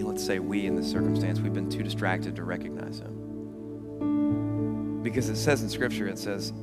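Pastor preaching in a reverberant hall. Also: male voice, on the low side. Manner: animated storytelling that drops to a hushed, slow delivery. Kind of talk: sermon.

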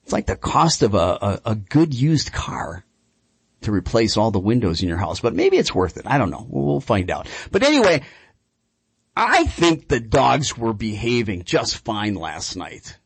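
Lively, husky-voiced male radio host. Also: fairly low pitch, normal speed, no echo. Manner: animated, chatty storytelling. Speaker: radio show host and dog trainer. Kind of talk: radio call-in show talk.

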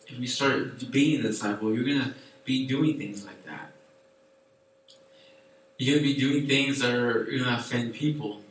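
A man preaching to a youth group in a chatty, animated way with many fillers. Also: mid-range voice. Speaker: youth pastor. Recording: echoey room from far off.

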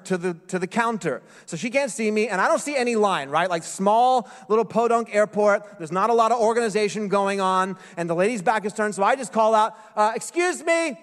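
A man's voice: sits high, a little fast, few pauses, fairly bright tone. A man preaching a sermon as a pastor, telling stories with wry, self-deprecating humor. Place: church sanctuary. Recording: echoey hall with long reverb.

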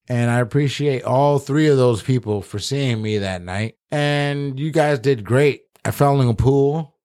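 A man's voice: medium pitch, darkish tone. A man co-hosting a podcast, telling a rambling, profane story in casual chat. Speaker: podcast co-host.

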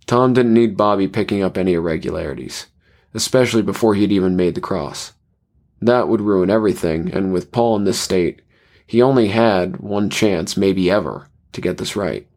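A man narrating a scripted horror story in a measured way. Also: sits low, darkish tone.

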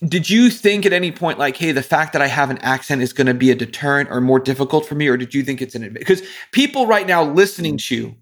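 Energetic man host, fairly high voice. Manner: energetic, rapid-fire questioning, enthusiastic. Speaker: podcast host. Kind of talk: podcast interview.

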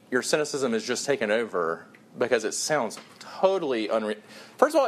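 A man preaching a sermon, talking to the congregation in a conversational, earnest way and stressing key phrases. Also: medium pitch. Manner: conversational, earnest, emphatic with pauses.

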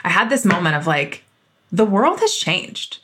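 A woman in her thirties hosting her own podcast. She talks straight to the listener in an emphatic, fired-up way, candid and a little loud at times. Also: on the low side, sing-song, measured pace, slightly rough. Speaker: podcast host. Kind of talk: solo podcast monologue.

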